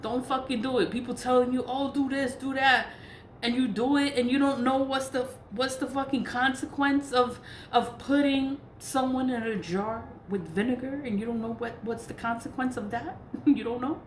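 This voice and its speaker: A woman's voice: high voice, fairly even intonation, normal speed, a little mellow. A woman spiritual practitioner in a casual vlog rant, blunt and profane, laughing between points. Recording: echoey room with faint noise.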